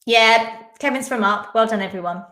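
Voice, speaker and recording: A woman's voice: a little high, normal speed, a bit bright. A woman hosting a live-stream quiz, chatting casually and reading out viewers' names and answers. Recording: echoey room.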